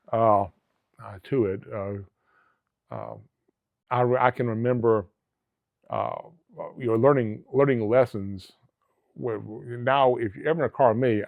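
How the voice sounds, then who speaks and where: A man's voice: mid-range voice, creaky, dry recording. Earnest rambling man from Alabama, phone-tinny. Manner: earnest, rambling storyteller with frequent restarts. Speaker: guest, former police officer and travel agency owner. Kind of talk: casual storytelling interview. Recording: dry, tinny phone-like sound.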